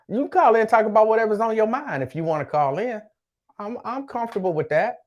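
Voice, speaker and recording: A man's voice: on the high side, a little mellow. A man hosting a casual live-stream call-in chat, greeting viewers by name and often repeating his phrases. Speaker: host.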